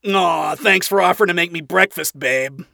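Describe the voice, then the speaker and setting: A man's voice: high voice, normal speed, creaky, bright, forceful tone, no room sound, clean studio sound, pitched above the performer's own voice, full character voice. A man voicing a weary, sardonic male hunter centuries old, with a teasing, sarcastic way of talking.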